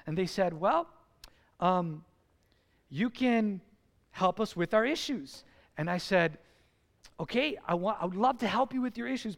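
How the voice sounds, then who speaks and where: A man preaching a sermon in a church, animated, acting out conversations and slowing down to stress key phrases. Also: extremely high pitch. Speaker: pastor.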